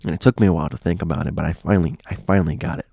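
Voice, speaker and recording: A man's voice: deep voice, steady tone, racing, vocal fry, mellow, slightly rough, no room sound, studio quality. A man telling stories in a loose, casual way, often repeating himself and restarting phrases. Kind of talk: casual spoken storytelling.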